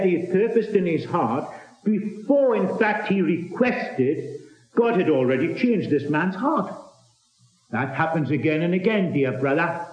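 A man delivers a sermon in a fairly high voice that swings widely up and down. He stresses his points by repeating key phrases. The recording sounds roomy and dull, like an old lo-fi tape. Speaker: preacher.

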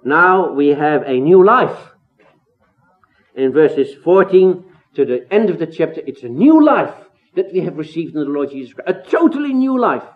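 A man delivers an earnest expository sermon, his somewhat high voice pushing up into emphatic exclamations and rhetorical questions. The recording is thin and tinny, as if heard over a phone line. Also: expressive, normal speed. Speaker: preacher.

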